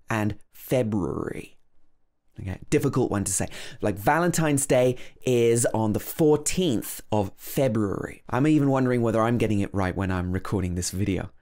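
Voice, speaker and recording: A man's voice: lowish voice, darkish tone. Man carefully sounding out words. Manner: slow, careful demonstration of words, repeated over and over. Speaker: English pronunciation teacher. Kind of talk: pronunciation lesson.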